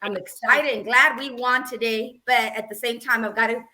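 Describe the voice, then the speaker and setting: A woman's voice: fairly high pitch, steady tone, sharp tone. A woman co-hosting a casual podcast chat, giving careful, hedged opinions. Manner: measured, hedging opinions. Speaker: podcast co-host.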